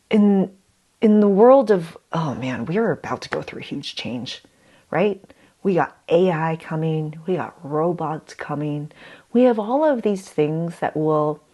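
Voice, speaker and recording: A woman vlogging, telling an animated story with rhetorical questions, swearing and bursts of laughter. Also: low voice. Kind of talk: casual self-talk vlog.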